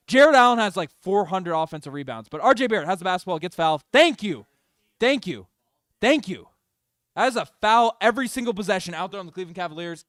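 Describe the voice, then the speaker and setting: A man streaming fan play-by-play of a basketball game, excitable and openly partisan, talking to his chat. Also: a little high, dry recording, studio quality. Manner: excitable, biased home-team fan chatting with his chat. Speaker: streamer doing live play-by-play. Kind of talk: fan play-by-play livestream commentary.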